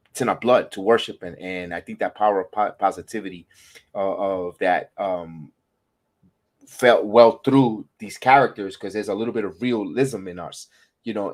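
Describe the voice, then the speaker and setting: A man from the American South co-hosting a casual podcast, talking in long rambling stretches that run on into backstory. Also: sits low. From Southern United States. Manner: rambling, tells backstory with quoted voices. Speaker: podcast co-host.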